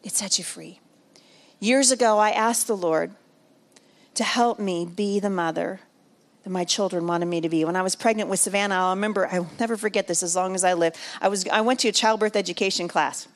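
A middle-aged woman giving a sermon at a women's retreat, telling a personal story. She moves between hushed and loud, repeats phrases for emphasis and jokes with the audience. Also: medium pitch, a little fast. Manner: emotional, builds from hushed to loud and back. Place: large room at a women's retreat.

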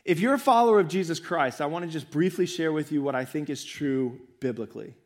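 A pastor, a young man, delivering a sermon in an earnest, repetitive style. His voice sits a little higher than most men's, and each point climbs as he stresses it again. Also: a little fast. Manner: earnest, repetitive preaching with rising emphasis. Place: church.

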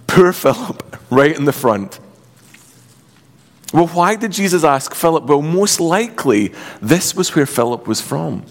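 Pastor preaching in a reverberant hall. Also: male voice, unhurried. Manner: lively, joking storytelling with big swings in pitch. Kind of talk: sermon.

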